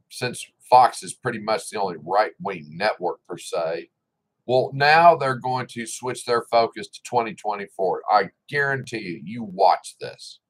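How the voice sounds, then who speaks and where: Blunt, indignant low-voiced man. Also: low-quality recording. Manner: blunt, indignant, sarcastic, swears freely. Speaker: political commentator. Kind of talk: casual opinion monologue.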